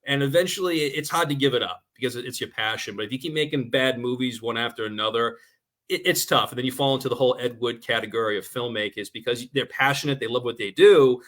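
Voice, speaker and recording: Fast-talking nasal New York man. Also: mid-range voice. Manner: fast-talking, animated storyteller. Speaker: guest filmmaker. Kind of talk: casual talk-show chat.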